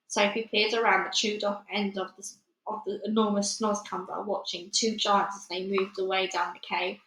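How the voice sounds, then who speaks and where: Woman narrator, mid pitch, even storybook reading, roomy sound. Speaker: reader. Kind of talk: storybook read-aloud.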